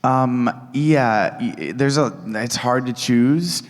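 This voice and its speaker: A man's voice: mid-range voice, slow, long reverb tail. A man, a voice actor, rambling enthusiastically with many restarts while answering panel questions.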